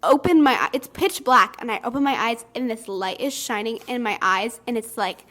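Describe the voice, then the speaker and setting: A teenage girl on a youth radio team telling a story in an animated way, full of "like". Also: on the high side, moderate pace. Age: teens. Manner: animated, lots of "like". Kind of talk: casual storytelling.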